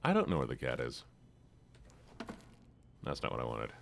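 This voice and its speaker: Chatty male streamer, lively voice. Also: rumbling low, moderate pace, vocal fry, a little hiss or hum. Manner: chatty, thinks aloud, reacts to chat. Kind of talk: casual chat while gaming.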